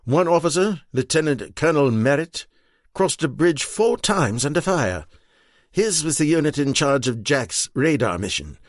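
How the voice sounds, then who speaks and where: In an audiobook, a man voices an earnest British staff officer delivering a report, acting it lightly. The fairly high pitch sits above the performer's own voice, and the recording is dry with clean studio sound.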